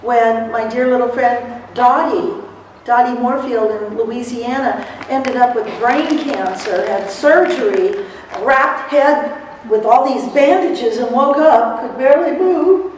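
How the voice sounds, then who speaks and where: A middle-aged woman giving a lively motivational seminar to court reporters, telling stories and acting out what people said, laughing often. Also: fairly high pitch, slow pace, a little hiss or hum. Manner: animated storyteller, laughs often, acts out quotes. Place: seminar hall. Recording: echoey hall, recorded from far off.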